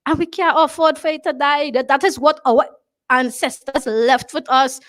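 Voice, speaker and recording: A woman's voice: high-pitched, steady tone, normal speed, fairly bright tone. A Trinidadian woman hosting a talk show, speaking emphatically, repeating her phrases and often asking "you understand?". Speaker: show host.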